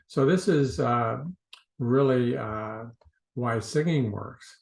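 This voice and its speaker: A man who works as a stuttering therapist, explaining in an unhurried way to camera with frequent filler uhs. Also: mid-range voice, creaky, echoey room, rough recording.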